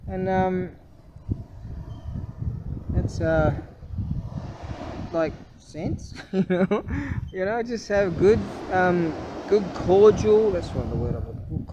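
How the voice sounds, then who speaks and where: Man vlogger, slightly high voice, scornful profane rambling rant, loud vehicle noise behind. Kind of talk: casual political rant.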